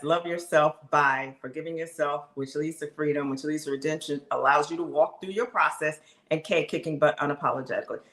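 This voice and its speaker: A woman hosting her own live stream, chatting excitedly and preaching straight to her viewers. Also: sits low, echoey room. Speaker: live show host.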